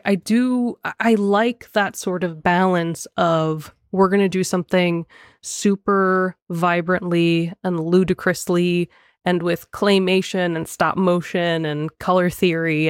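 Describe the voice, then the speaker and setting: A young woman co-hosting a casual film podcast, animated and laughing often as she talks in quick bursts. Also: fairly low pitch, no room sound, studio quality. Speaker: podcast co-host.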